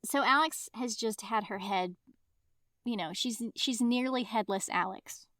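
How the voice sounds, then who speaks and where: Woman, podcast co-host, slightly high-pitched, dry close sound, enthusiastic. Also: measured pace, no room sound. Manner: enthusiastic, animated storytelling. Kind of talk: casual chat.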